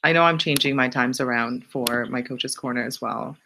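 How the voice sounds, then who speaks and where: A low-voiced woman talks straight to her viewers on a live stream. She coaches bluntly and leans on punchy repeated lines that jump up in pitch. She swears for emphasis. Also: normal speed, creaky, background noise. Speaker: live-stream host answering viewer questions. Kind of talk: casual motivational live stream.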